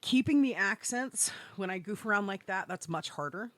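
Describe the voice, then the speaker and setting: A woman co-hosts a casual podcast, and her pitch swings widely as she jokes, swears and bursts out laughing. She sits at an average height for a woman's voice, and the sound is close and dry with no room around it. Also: moderate pace, no echo. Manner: profane, excitable and laughing. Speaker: podcast co-host. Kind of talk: casual chat.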